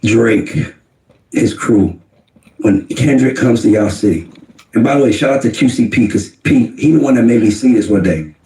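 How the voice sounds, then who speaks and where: A man's voice: medium pitch, moderate pace, dark tone, distant mic. A man arguing emphatically in a casual podcast debate, repeating his points for effect. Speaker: podcast co-host in played clip. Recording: roomy, off-mic podcast clip.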